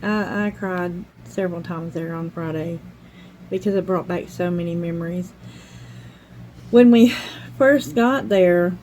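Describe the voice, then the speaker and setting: A woman's voice: lowish voice, measured pace, a little mellow, a little hiss or hum, low-quality recording. An older woman hosting a craft channel, chatting at home and telling a heartfelt story that wanders from one detail to the next. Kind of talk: casual chat while crafting.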